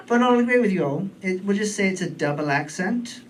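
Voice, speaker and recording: A British man in his forties performing a stand-up comedy set on a club stage, camp and playful with deadpan asides. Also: high-pitched, fairly quick, crowd noise. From United Kingdom. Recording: distant mic in comedy club, faint room noise.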